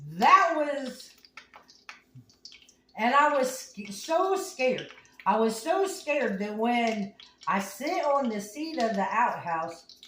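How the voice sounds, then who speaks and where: A woman with a slightly high voice hosts a home cooking show, spinning folksy, rambling tales in homespun language as she cooks in her kitchen. The room echoes, the mic sits at a distance, and there's a faint hiss or hum.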